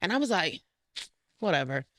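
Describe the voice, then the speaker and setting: A woman's voice: lowish voice, fast, fairly bright tone, no room sound, studio quality. A woman in her thirties, a life coach talking frankly and with feeling about her own life in an interview. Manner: emotional, frank storytelling. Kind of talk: candid personal interview.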